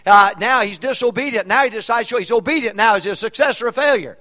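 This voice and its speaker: A middle-aged man preaching a humorous, animated sermon as a pastor in a church auditorium, with call-and-response questions to the congregation. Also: very high-pitched, fast talker.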